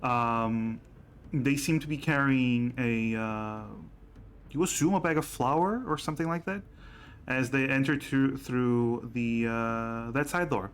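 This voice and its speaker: Male game master; unhurried, halting narration with frequent fillers. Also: medium pitch, a little hiss or hum.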